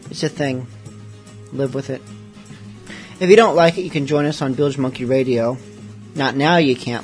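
A man's voice: mid-range voice, a little mellow. A man hosting a late-night radio show, talking casually with rambling, self-deprecating asides. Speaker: host.

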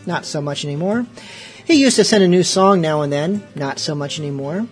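A man's voice: on the high side, lively intonation, brisk, faint music behind. Self-mocking male radio host. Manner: rambling, self-mocking banter. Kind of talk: casual online radio show.

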